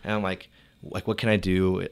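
Animated, profane young man telling a story. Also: low-pitched, moderate pace, clean tone. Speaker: storyteller guest. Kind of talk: casual podcast chat.

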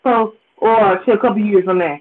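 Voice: mid-range voice, normal speed. Host from with a drawl, swears a lot and repeats themselves, mid-range voice, audio thin like a phone line. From Memphis, Tennessee. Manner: profane, emphatic, repetitive. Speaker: podcast host. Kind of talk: casual storytelling rant.

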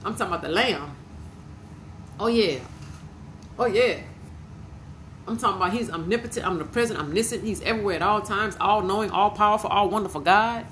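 A woman's voice: mid-range voice, brisk, pauses often, a bit bright, a little hiss or hum, poor audio. Fervent woman preaching a podcast sermon. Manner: fervent, repetitive praise, emotional.

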